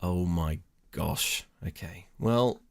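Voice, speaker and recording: Young male streamer, low voice, unhurried, mutters through puzzles, easily exasperated. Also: gravelly. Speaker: let's play streamer. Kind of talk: casual gameplay commentary.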